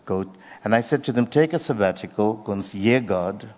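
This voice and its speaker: A man with a lowish voice preaches in an earnest, unhurried way, drawing out key phrases for emphasis. His words ring with the long reverb of a large hall. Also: a little mellow. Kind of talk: sermon.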